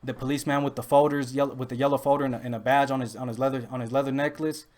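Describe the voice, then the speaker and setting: A man's voice: medium pitch, little pitch movement, racing, darkish tone. A young man, telling rambling stories casually with lots of restarts and street slang. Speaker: podcast host. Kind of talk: casual storytelling.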